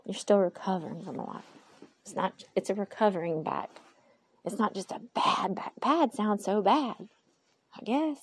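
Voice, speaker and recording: Gravelly, husky woman talking to herself. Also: mid-range voice, animated, normal speed. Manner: candid, rambling, talks to herself aloud; faith-filled, speaks of God. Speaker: podcast host. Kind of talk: personal podcast monologue. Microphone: phone.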